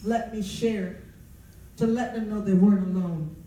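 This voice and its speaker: A woman's voice: mid-range voice, steady tone, moderate pace, mellow, slight background noise. A woman giving a faith-based personal testimony in an earnest, preaching cadence, repeating her key phrases. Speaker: speaker sharing personal testimony. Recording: roomy, distant mic.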